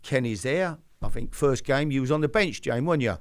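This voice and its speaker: A man's voice: mid-range voice, lively intonation, fairly quick, no room sound, clean studio sound. An older man hosting a show, telling a rambling anecdote in casual chat and acting out the voices he quotes. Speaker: host.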